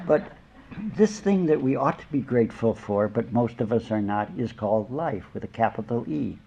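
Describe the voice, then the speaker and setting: A man's voice: mid-range voice, moderate pace, creaky, dark tone, some chatter behind, slight background noise. An older man, a spiritual teacher, giving an informal sermon with stories, rambling and chuckling through conversational asides. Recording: dull lo-fi lecture recording.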